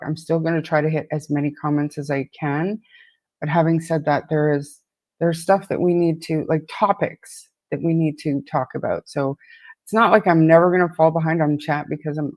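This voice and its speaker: A true crime podcast host from Atlantic Canada chats casually with livestream viewers despite a sore, swollen throat. Her voice is deep and a little mellow, and she rushes through greetings with many restarts. No room sound.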